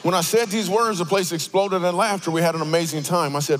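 A man preaching a comedic sermon in a church auditorium, telling stories with animated, playful asides. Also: high-pitched, fast, hardly any pauses. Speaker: guest speaker.

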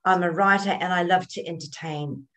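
Brief: woman host, lowish voice, thoughtful and encouraging questions. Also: fairly even intonation, moderate pace, a bit bright, low-quality recording. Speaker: interview host. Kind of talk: casual interview chat.

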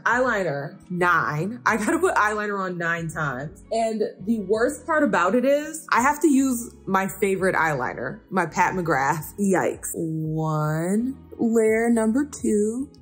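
Husky-voiced young woman vlogging makeup. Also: medium pitch, takes it slowly, soft background music. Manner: playfully exasperated, counting layers aloud. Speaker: beauty vlogger. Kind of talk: casual makeup tutorial chat.

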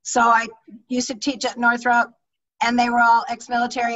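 A middle-aged woman, a public speaking coach, teaching an online leadership talk with energetic, emphatic delivery over a video call microphone. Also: on the high side, measured pace, far from the mic, muffled recording.

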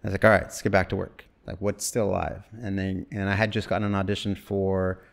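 Man from Wyoming, forties, low voice, rambling casual storyteller, animated. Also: quick pace, vocal fry. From Wyoming, USA. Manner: rambling, animated, acts out quoted dialogue. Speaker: actor guest.

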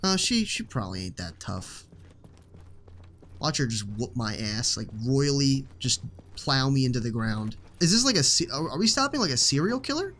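A man's voice: medium pitch, sing-song, normal speed, fairly bright tone, a little hiss or hum. A young man giving casual, joking commentary while he plays a video game, swearing often. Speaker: gaming YouTuber.

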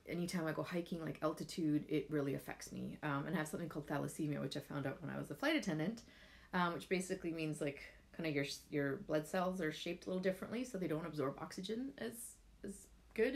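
A woman's voice: sits low, gravelly. A woman, chatting casually and heartfelt in a rambling way with lots of fillers. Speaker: vlogger sharing essential oil tips. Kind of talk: casual chat to camera.

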